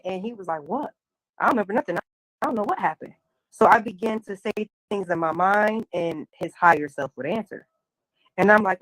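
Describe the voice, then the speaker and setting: A woman telling a long personal story in a loose, animated way, slipping into slang and acting out what others said. Her voice sits in an ordinary middle pitch. It is recorded close and dry, with no room sound. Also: a little fast, dry recording, rough recording. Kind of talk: casual spiritual chat.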